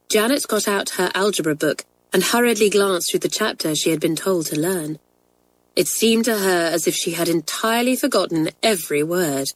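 A woman narrating a children's storybook aloud with an expressive, lively reading. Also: fairly low pitch, rough recording.

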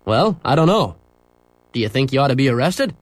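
A man's voice: mid-range voice, sing-song, a little fast, dry recording, natural voice. Man doing a kindly teasing policeman. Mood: calm. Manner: dryly teasing. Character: calm kindly male police officer.

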